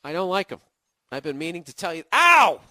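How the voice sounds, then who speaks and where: A man's voice: a little high, fast, dry recording, clean studio sound. A middle-aged man with a Boston accent hosting a podcast, ranting in a profane, sarcastic comedic monologue. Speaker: podcast host.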